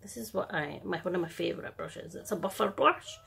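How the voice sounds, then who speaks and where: Pitched on the low side and fairly quick, her voice carries vocal fry and a slightly rough quality. A middle-aged Scottish makeup artist, she chats through a tutorial at home in a soft, half-whispered, self-deprecating manner.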